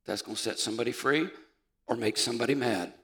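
Impassioned preacher with a bright, gravelly voice. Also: male voice, medium pitch, fast. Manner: impassioned preaching, rising to shouts. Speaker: pastor. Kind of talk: sermon. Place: church sanctuary. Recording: reverberant church hall.

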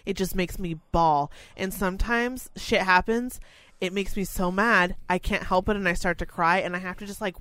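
A woman's voice: mid-range voice, normal speed, a bit bright, no room sound. A young woman co-hosting a podcast in casual chat, emotional and teary, swearing freely and gushing as she talks. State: teary, crying while talking. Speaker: podcast co-host.

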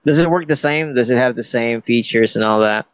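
A man's voice: medium pitch, fairly quick, no room sound. A man co-hosting a casual podcast chat, joking and laughing often and swearing freely. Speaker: podcast co-host. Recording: slightly dull dry recording.

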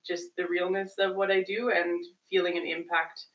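A woman in her thirties, a teacher and guest, chatting casually on a podcast, halting and laughing often as she talks. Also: lowish voice, level tone, far from the mic, dull audio.

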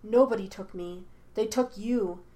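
A woman voicing a troubled young man who longs for his lost mother, speaking hesitantly and quietly. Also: medium pitch, a little slow, natural voice. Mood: wistful.

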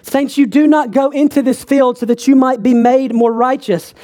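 A man preaching a sermon as a pastor, earnest and measured, building emphasis on repeated phrases. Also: very high-pitched, fairly even intonation, warm tone.

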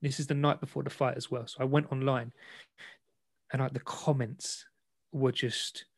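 A man's voice: medium pitch, moderate pace, creaky, no room sound. Frank man telling his story. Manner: frank, self-deprecating, animated retelling. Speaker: interview guest, boxer. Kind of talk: candid personal storytelling.

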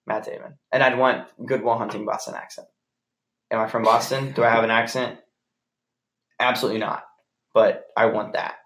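A young man chatting casually as a podcast co-host, playful and quick to laugh. His voice sits at a medium pitch and carries a noticeable room echo. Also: level tone, fairly bright tone. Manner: playful, laughs often, jokingly acts out lines. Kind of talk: casual chat.

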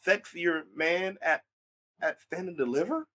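A young man hosting a casual wrestling recap, excitable and animated, often repeating his words. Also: high-pitched, takes it slowly, long pauses.

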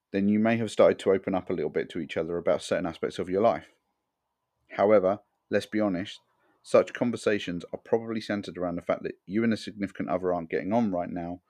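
Deep-voiced man, earnest podcast monologue. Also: darkish tone. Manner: frank, earnest. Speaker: podcast host.

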